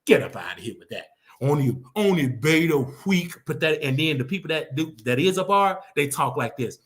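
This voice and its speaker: A man's voice: on the high side, lively intonation, fairly quick. Brash, mocking man hosting commentary. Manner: brash, mocking, trash-talking. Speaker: host. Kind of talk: casual commentary monologue.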